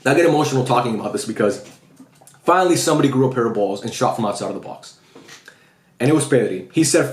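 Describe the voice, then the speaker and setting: A man hosting a casual post-match football reaction, excitable and chatty, full of slang fillers. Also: mid-range voice. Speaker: football fan channel host. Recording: echoey room.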